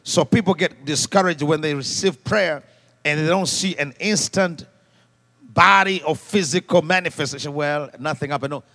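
A man preaching a sermon to a live congregation, leading call-and-response and swinging from quiet asides to shouted exhortations. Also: on the high side, moderate pace. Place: church service before a congregation.

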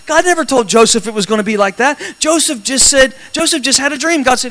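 A male pastor delivering a dramatic church sermon, calling out to the congregation for responses and swelling into shouts. His voice sits unusually high for a man, bright and forceful. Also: lively intonation, brisk, hardly any pauses. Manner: call-and-response preaching, dramatic, rising to shouts.

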